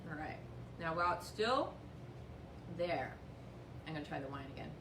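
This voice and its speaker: A woman's voice: deep voice, animated, normal speed, background noise. A woman hosting a casual wine-and-chocolate tasting lesson in a winery tasting room, chatty and upbeat with light self-mocking humor. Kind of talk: casual instructional demonstration. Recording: echoey room, voice picked up from a distance.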